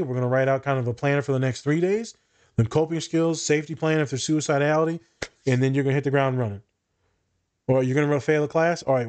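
A man's voice: a little high, darkish tone. Male therapist-host, casual and blunt, salty language. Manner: blunt and profane, tells client stories. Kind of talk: casual podcast chat.

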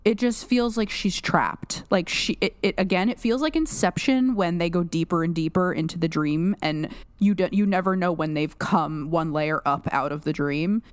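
Low-voiced woman analyzing a show. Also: moderate pace, hardly any pauses, dry recording. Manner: analytical, rambling with many restarts and "like". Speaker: podcast co-host. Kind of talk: casual podcast discussion.

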